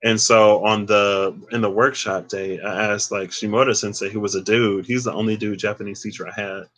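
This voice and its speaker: Low, bright-toned rambling tarot reader. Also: male voice, steady tone, normal speed. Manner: rambling, digressive, filler-heavy. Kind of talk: casual tarot reading vlog.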